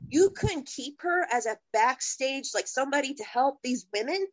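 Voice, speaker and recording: A woman's voice: sits high, expressive, moderate pace, slight background noise, low-quality recording. A woman on a podcast going on a profane, impassioned rant about wrestling. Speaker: podcast co-host.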